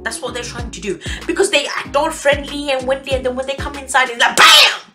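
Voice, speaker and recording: A woman's voice: high voice, fairly even intonation, quick pace, over music. A woman doing an exasperated comedic rant, swearing often. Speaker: comedy youtuber. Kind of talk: comedic monologue.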